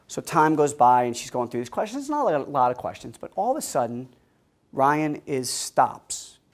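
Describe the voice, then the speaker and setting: Man telling a casual story to an audience. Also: medium pitch. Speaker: guest speaker. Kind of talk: speech to a college audience.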